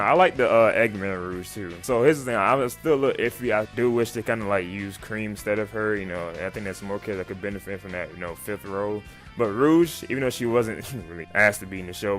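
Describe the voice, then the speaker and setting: A man casually reviewing a show for his channel, rambling and excited, full of slang and fillers. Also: on the low side. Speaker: YouTube reviewer.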